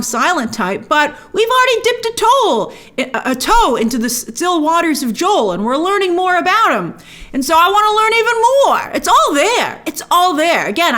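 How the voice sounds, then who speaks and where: A high-pitched woman talks through a TV series review in a casual, chatty way. Her pitch swoops up and down constantly, and she keeps slipping into playful little asides as she goes. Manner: animated, chatty, acts out quick asides in her own voice.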